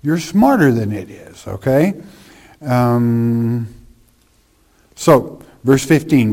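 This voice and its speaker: A man preaching a sermon in a slow, conversational way, reading scripture with emphasis. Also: mid-range voice, sing-song, dark tone.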